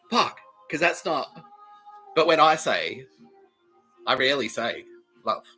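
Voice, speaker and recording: A man's voice: mid-range voice, sing-song, slow pace, sharp tone, soft background music, poor audio. A man with an Australian accent hosting a solo comedy podcast, rambling in a profane, boastful way and laughing at his own jokes. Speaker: podcast host.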